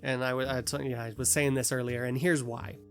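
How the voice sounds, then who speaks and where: A man co-hosting a casual podcast chat, animated and quick to slip into mock voices to make a point. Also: medium pitch, smooth, faint music behind. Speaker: podcast co-host.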